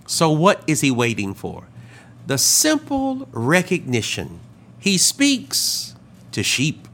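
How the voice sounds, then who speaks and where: Lively, dramatic male preacher. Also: mid-range voice, a little hiss or hum. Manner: dramatic storytelling, acts out quoted voices, swings loud and hushed. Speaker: pastor. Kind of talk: sermon.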